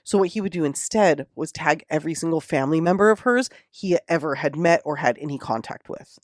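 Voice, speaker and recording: With a mid-range voice running a little fast, a podcast host tells a true crime tale casually, angrily and profanely, retelling it with plenty of energy. The sound is clean studio quality with no echo.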